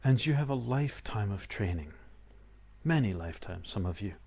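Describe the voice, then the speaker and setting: A man giving a live-streamed spiritual talk, animated and playful, often acting out excited inner voices. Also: fairly low pitch, moderate pace, creaky. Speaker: spiritual teacher.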